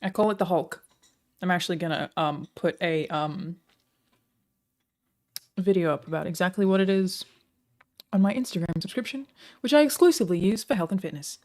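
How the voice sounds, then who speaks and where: A woman's voice: on the low side, moderate pace, long pauses. Sarcastic, swearing woman streamer. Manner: sarcastic, profane, deadpan joking. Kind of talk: live-stream chat.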